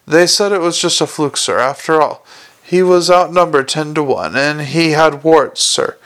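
A man's voice: fairly high pitch, normal speed, a bit bright, lightly acted. A man doing a nervous mumbling watch corporal. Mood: anxious. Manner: anxious, mumbling, tacks "sir" onto everything. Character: nervous, evasive lowly male city watch corporal.

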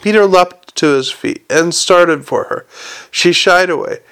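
A man reading a novel aloud in a plain, steady manner. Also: high-pitched, unhurried, creaky, smooth. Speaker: audiobook reader.

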